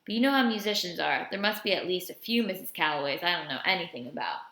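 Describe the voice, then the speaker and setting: A woman's voice: on the low side, expressive, quick pace, bright, forceful tone. A jovial older man who can't stop teasing, as a woman reads him aloud. He drawls out his jokes with easy, playful timing. The voice carries the ring of a roomy space. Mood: musing. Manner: joking, drawling teases. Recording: roomy echo.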